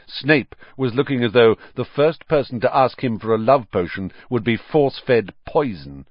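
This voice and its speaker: A man narrating a children's fantasy audiobook in an expressive, animated reading. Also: fairly low pitch, unhurried, no echo, lo-fi sound. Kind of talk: scripted narration.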